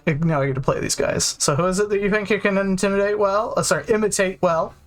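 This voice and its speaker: Gamer streamer, mid-pitched, casual banter, cusses at the game, self-mocking. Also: fast talker. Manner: swears freely, joking and self-mocking. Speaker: let's play gamer. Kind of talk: casual gameplay chat.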